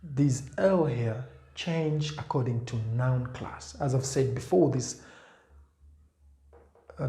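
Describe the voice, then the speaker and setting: A man's voice: medium pitch, mellow. A man teaching a spoken language lesson, repeating words patiently and pointing to written examples. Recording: echoey room.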